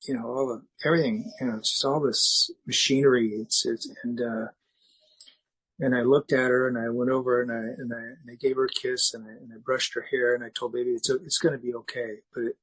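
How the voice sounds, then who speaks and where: Middle-aged man, husky voice at an ordinary pitch, halting and candid, sharing his recovery story. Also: little pitch movement, fairly bright tone, poor audio. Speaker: speaker sharing at a recovery meeting. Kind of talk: personal recovery share.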